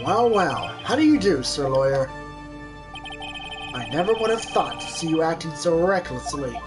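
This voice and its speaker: A woman's voice: low-pitched, sing-song, normal speed. A woman voicing a smug, arrogant male detective with an oily, self-satisfied drawl, over game music.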